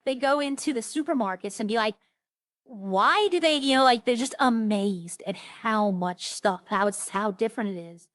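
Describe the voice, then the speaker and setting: A woman's voice: fairly high pitch, normal speed, a bit bright, dry recording. A woman chatting casually on a roleplay stream, rambling through funny stories and imitating the people she quotes.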